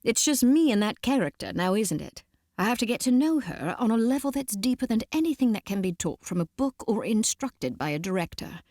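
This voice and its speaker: A woman's voice: a little high, big pitch swings, a little fast, a little mellow, no echo, clean studio sound, voice pushed up. A woman voicing a grand, affected actress with a British accent. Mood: theatrical.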